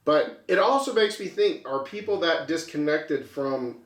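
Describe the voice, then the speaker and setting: A man's voice: fairly high pitch, lively intonation, measured pace, echoey room. A man co-hosting a casual podcast chat over a beer, laughing often and stumbling over his words. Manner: laughs often, stammering restarts. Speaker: podcast co-host.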